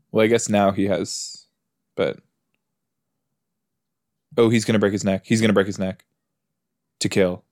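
In clean studio sound with no echo, a man with a lowish, slightly mellow voice hosts a podcast. He chats and jokes in reaction to a TV episode as it plays, often talking back to the screen.

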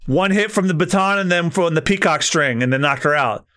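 A man's voice: on the high side, a little fast, a bit bright, dry recording, studio quality. A man co-hosting a podcast, casually recapping a comic with lots of laughter. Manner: laughs often, breaks into character voices. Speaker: podcast co-host.

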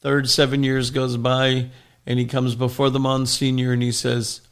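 A man's voice: medium pitch, level tone, unhurried, fairly bright tone, smooth. A man preaching a sermon, reading scripture aloud and explaining it line by line, now and then telling a joke with a small laugh. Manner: tells jokes with small laughs.

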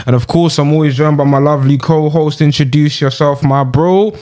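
A man's voice: on the high side, steady tone, a little fast, mellow. A young man hosting a podcast, with a playful hype-man intro and slangy casual questions. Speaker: podcast host. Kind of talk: casual chat.

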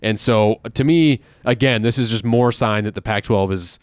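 A man's voice: lowish voice, moderate pace, clean tone, no room sound, studio quality. A man co-hosting a casual sports podcast, talking in a conversational, opinionated way with frequent fillers. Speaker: podcast co-host.

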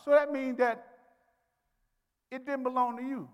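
Preacher guy, really high voice, call and response, big church reverb. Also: flat delivery, measured pace, clean tone. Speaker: pastor. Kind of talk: sermon. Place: church sanctuary. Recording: long hall reverb.

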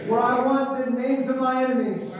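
A man's voice: very high voice, fairly even intonation, moderate pace, a crowd in the background. A man preaching a fervent sermon, leading his congregation in call-and-response. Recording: echoey hall, far from mic.

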